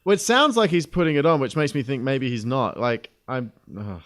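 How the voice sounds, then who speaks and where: A young man co-hosting a comedy podcast, wry and mocking, often halting for words. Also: mid-range voice, sing-song, fairly bright tone, no echo, studio quality. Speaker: podcast co-host. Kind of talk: casual comedic chat.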